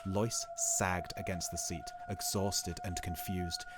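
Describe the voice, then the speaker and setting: Slow, dramatic male story narrator. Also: sits low, fairly even intonation, noisy background. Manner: measured, dramatic reading. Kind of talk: audiobook reading of a short story.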